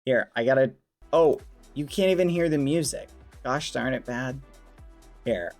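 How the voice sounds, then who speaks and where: Excitable man chatting to his stream. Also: medium pitch, unhurried, soft background music. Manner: excitable, swaps swears for clean words; talks straight to his chat. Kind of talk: live-streamed gameplay chat.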